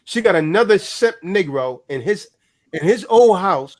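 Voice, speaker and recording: A man's voice: sits high, animated, a little slow. A man hosting a casual chat, telling stories in an emphatic, blunt way with plenty of swearing. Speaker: host.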